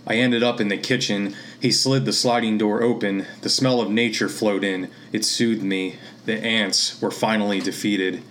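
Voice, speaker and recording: A man from Pennsylvania reading his own literary fiction aloud in a steady, measured way. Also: lowish voice, slight background noise. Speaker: author and reader.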